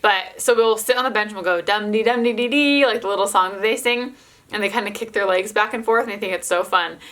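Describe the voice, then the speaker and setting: Chatty young mom, casual vlog talk. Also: female voice, medium pitch, fast, fairly bright tone. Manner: chatty, fills speech with "like". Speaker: mother of toddler twins, vlogger. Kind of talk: casual chat to camera.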